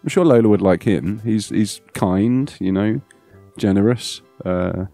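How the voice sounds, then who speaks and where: A man's voice: fairly low pitch, measured pace, warm tone, no echo, faint music behind. A man hosting a let's play, chatting playfully and thinking aloud as he goes. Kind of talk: casual gameplay commentary.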